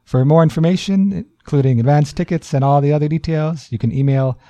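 A man co-hosting a community radio show, reading event listings in a relaxed, casual way. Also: fairly high pitch, a little fast, dry recording. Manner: relaxed, reads event listings with easy chuckles. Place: radio studio.

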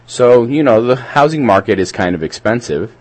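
A man's voice: medium pitch, animated, normal speed, a little mellow. A man co-hosting a community radio show, chatting casually and reading out local event listings in a rambling way. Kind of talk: casual radio chat and announcements.

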